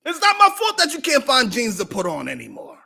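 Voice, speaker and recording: A man hosting a podcast, delivering a mocking roast monologue that swings from loud shouts to low mutters. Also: huge pitch swings, a little fast, creaky, husky. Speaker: podcast host.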